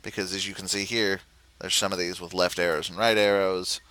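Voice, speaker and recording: A man walking through a puzzle game as a tutorial presenter, explaining step by step and thinking aloud with frequent pauses and self-corrections. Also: sits low, flat delivery, sharp tone, rough recording. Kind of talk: screen-recorded game tutorial.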